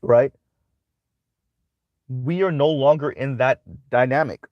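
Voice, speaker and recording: A man talks his way through a monologue in a casual, conversational way. He keeps tagging his points with "right?" The sound is dry and close, with no room in it, and his voice sits at a middling pitch. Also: takes it slowly, no room sound, muffled recording. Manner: conversational, repeats "right?" often. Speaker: commentary channel host.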